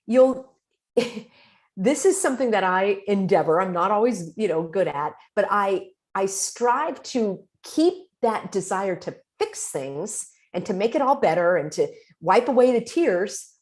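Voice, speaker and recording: A woman's voice: medium pitch, animated, measured pace. A woman from the United States hosting her own channel, talking casually to camera and acting out short quoted replies. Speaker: host.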